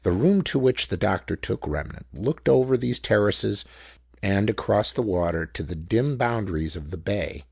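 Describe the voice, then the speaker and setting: Male audiobook narrator, lively intonation, husky texture. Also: lowish voice, no echo, studio quality. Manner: measured, descriptive reading. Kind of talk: scripted narration.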